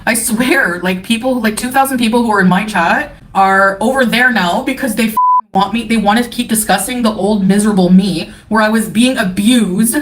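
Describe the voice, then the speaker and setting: A woman's voice: medium pitch, normal speed, few pauses. A woman from Canada streaming live, ranting in a profane, scornful and defensive way. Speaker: livestreamer. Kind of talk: angry livestream rant.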